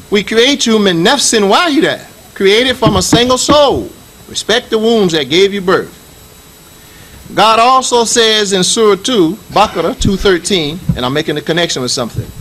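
High-voiced preaching American imam. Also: male voice, fairly bright tone, a little hiss or hum, poor audio. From United States. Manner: emphatic preaching with repetition and call-outs; recites Arabic scripture. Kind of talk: Friday sermon. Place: mosque.

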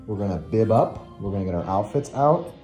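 A man's voice: lowish voice, animated, fairly quick, mellow, soft background music. A man hosting a casual travel vlog, upbeat and chatty, laughing often. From Florida. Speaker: vlog host.

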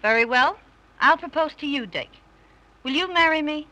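A woman's voice: sits high, moderate pace, pushed and bright, rough recording. An actress playing a headstrong, spoiled young woman from a rich family who talks in a coaxing, playful way in an early 1930s film. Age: young adult.

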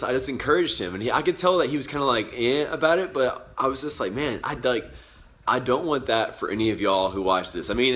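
20-something guy vlogging pep talk, kinda low voice, rambles and restarts a lot. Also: fairly bright tone. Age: 20s. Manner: earnest, rambling with many restarts. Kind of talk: motivational vlog talk.

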